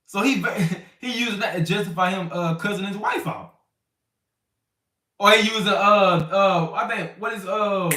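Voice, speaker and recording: Guy preaching casual to the brothers, kinda high-ish voice, slangy, acts stuff out, sounds far from the mic in an echoey room. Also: moderate pace, pushed and bright. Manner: slangy, conversational, acts out scenes and laughs. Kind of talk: informal bible teaching. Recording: roomy sound from a distant mic.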